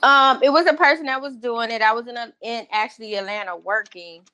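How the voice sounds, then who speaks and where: A woman in her thirties as an interview guest, telling her story casually in an excitable, animated way and acting out what people said. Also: fairly high pitch, brisk, no room sound. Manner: excitable, animated, acts out quotes.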